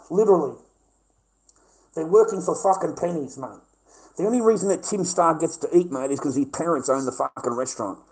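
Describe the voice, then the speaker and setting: A man's voice: a little high, a little mellow, low-quality recording. A middle-aged man with an Australian accent, ranting brashly and combatively on a livestream and swearing constantly. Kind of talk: profane livestream rant.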